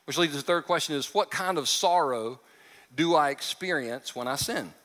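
Animated high-voiced male pastor preaching. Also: normal speed, long reverb tail. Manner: animated, joking asides, acts out quotes. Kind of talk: sermon.

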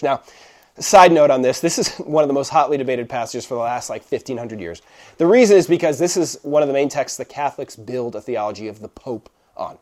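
Lively, animated man preaching a sermon. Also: on the high side, fast talker. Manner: casual and animated, checks in with the audience often. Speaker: pastor. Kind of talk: conversational sermon.

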